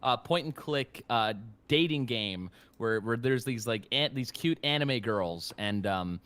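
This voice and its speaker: A man's voice: medium pitch, lively intonation, unhurried, fairly bright tone, smooth. A young man, a voice actor guest on a podcast, chatting casually in a rambling, self-deprecating way full of fillers and restarts.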